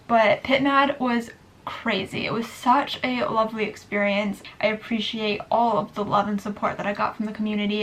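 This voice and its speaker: Chatty high-voiced woman vlogger. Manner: excited, chatty, lots of "like" fillers. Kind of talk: casual vlog talk to camera.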